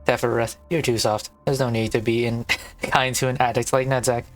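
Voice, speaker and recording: Brief: man doing cold twin officials, flat monotone delivery, mid-range pitch. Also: normal speed, soft background music, natural voice. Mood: scolding. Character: aloof young twin department heads, blunt. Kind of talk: gaming let's play, reading dialogue.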